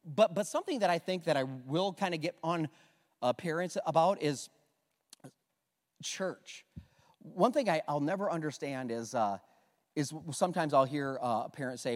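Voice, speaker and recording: A man in his thirties preaching a sermon as a pastor, earnest and emotional, swinging from loud to hushed. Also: on the high side, normal speed, long reverb tail. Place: church sanctuary.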